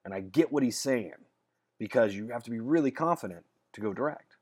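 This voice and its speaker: A man's voice: medium pitch, expressive, brisk, darkish tone, breathy edge. A man who works as a dating coach, talking casually to his viewers. He is blunt and straight-talking, and he rambles through his stories and restarts his sentences with repeated words. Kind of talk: casual monologue to camera.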